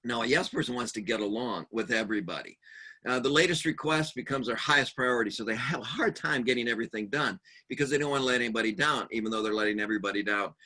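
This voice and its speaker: Bright-voiced humorous male seminar speaker. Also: medium pitch, fast talker. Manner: humorous storyteller acting out quoted voices; lively, animated delivery. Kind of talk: conference workshop talk.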